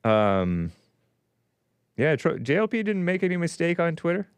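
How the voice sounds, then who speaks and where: A man's voice: on the high side, sing-song, normal speed, clean tone, no echo. A man hosting a call-in talk show, rambling and combative, laughing at his own jokes.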